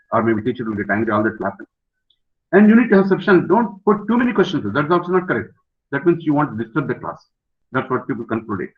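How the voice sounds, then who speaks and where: Older man lecturing emphatically. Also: mid-range voice. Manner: emphatic, repeats key words, asks the audience questions. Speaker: professor giving a webinar lecture. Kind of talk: lecture to students. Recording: dull lo-fi webinar audio.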